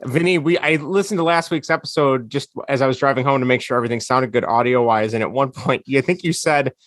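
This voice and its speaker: A man's voice: medium pitch, fast talker, fairly bright tone, no echo, clean studio sound. A man co-hosting a sports podcast, chatting casually and moving the show along. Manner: friendly, steers the show. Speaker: podcast co-host. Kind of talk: casual chat.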